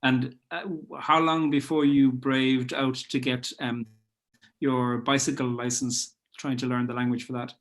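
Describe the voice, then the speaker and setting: A male host chatting casually over a video call, relaxed and hesitant with frequent ums. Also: mid-range voice, a little slow. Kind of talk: casual chat.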